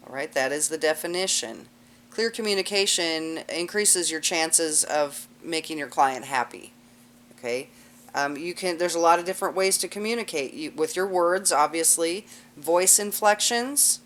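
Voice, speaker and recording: A woman teaching a cosmetology class in a casual, chatty lecture with lots of fillers. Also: low-pitched. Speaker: cosmetology instructor.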